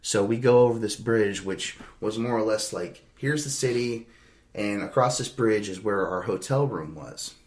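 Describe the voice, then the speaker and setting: A man's voice: fairly low pitch, normal speed. Profane rambling storyteller, casual man. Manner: rambling, profane, laughs through his anecdotes. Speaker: podcast host.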